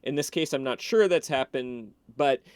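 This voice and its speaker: A man as a podcast guest, casually retelling a film in an animated, loose way with many restarts. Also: mid-range voice, normal speed, clean tone, no echo.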